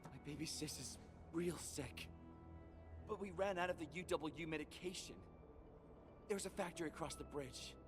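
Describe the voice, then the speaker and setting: A man's voice: a little high, normal speed, long pauses, lightly acted. An actor playing a desperate young man who urgently pleads for help for his sick sister. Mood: pleading. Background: game music.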